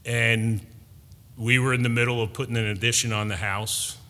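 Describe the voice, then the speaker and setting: A middle-aged man preaching a sermon, slow and deliberate, building to emphatic peaks. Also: mid-range voice, fairly even intonation, sharp tone, in a large hall.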